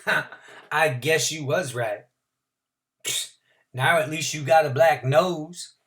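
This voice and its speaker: A man's voice: a little high, slow, fairly bright tone. Swaggering teen boy bully from a storybook read-aloud, cocky street slang , a man putting it on. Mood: bragging. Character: cocky teenage boy, tough, taunting rival.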